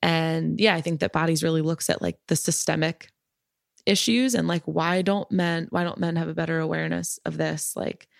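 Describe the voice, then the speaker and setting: Woman podcast creator, frank and chatty interview guest, low gravelly voice, dry sound. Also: steady tone, moderate pace, no room sound. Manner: frank, chatty, many filler words. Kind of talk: casual interview chat.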